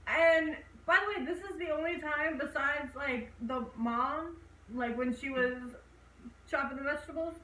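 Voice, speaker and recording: A woman's voice: high-pitched, moderate pace, sharp tone. A young woman co-hosting a casual horror movie review, retelling scenes and acting out the characters' lines in raised voices. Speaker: co-host reviewing a horror film. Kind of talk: casual chat recapping a movie. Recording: echoey room, voice a bit far from mic.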